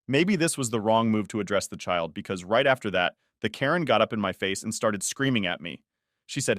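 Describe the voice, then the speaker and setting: A man narrating a first-person story from an online forum in a steady, even storytelling delivery. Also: fairly low pitch, a little fast, no room sound, clean studio sound. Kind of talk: reading a reddit story aloud.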